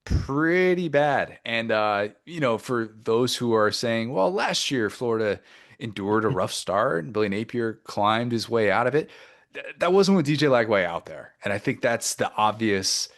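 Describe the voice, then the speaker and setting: A man's voice: mid-range voice, lively intonation, fairly bright tone. A man co-hosting a college football podcast, wry and opinionated, in casual chat. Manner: wry, opinionated, drawn-out emphasis. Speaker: podcast co-host.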